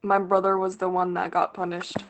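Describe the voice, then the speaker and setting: A woman's voice: on the low side, monotone, fairly quick, slight background noise. A young woman, a guest on a casual podcast, answering in short, matter-of-fact replies.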